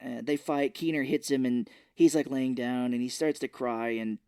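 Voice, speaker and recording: A man's voice: mid-range voice, normal speed, a little mellow, clear, resonant tone, dry recording, studio quality. A man co-hosting a podcast, casually retelling a film's plot in a rambling way and quoting its lines. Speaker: podcast co-host. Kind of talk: casual film recap chat.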